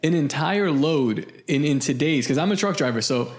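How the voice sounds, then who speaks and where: A man co-hosting a casual livestream podcast who gets excitable, swears, and reads chat messages aloud. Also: a little high, moderate pace, roomy sound. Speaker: podcast co-host.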